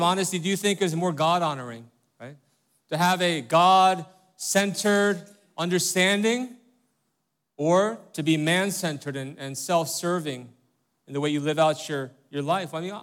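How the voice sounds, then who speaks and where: A pastor preaching a conversational sermon, emphatic and questioning the congregation in church. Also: male voice, a little high, fairly bright tone. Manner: emphatic, asks listeners rhetorical questions.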